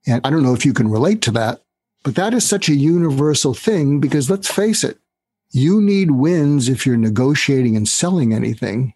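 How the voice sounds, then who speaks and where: A man's voice: mid-range voice, animated, normal speed, dark tone, husky, no room sound. A man talking as a guest author in an interview, explaining a sales technique step by step in an instructive way. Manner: instructive, acts out quoted dialogue.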